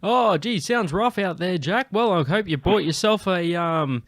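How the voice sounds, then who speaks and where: A man's voice: high voice, lively intonation, unhurried, fairly bright tone, voice pushed up, full character voice. An Australian man putting on the voice of a cheesy 1980s-90s radio DJ with smarmy on-air patter. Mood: chirpy.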